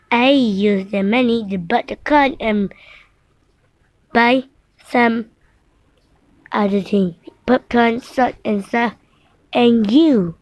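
Very slow, playful woman telling a story. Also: fairly high pitch, darkish tone, dry recording, highs cut off. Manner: playful, switching between characters, many meows and repeated words. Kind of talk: improvised toy play storytelling.

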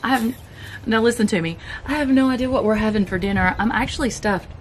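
This keto vlogger talks fast in a voice on the high side, with slight background noise. She has a Southern US accent and keeps things chatty and laid-back, chewing while she reviews keto snacks in a casual food-review chat.

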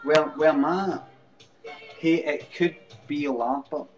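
A man's voice: fairly high pitch, takes it slowly, faint music behind. A Scottish man hosting a live webcam comedy show, mocking and sarcastic, swearing often. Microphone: webcam mic. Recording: dull lo-fi webcam audio.

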